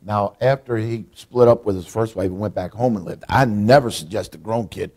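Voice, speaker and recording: A man's voice: on the low side, normal speed, darkish tone. A middle-aged man preaching a folksy sermon as pastor, acting out what people say. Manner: folksy preaching, acts out quotes.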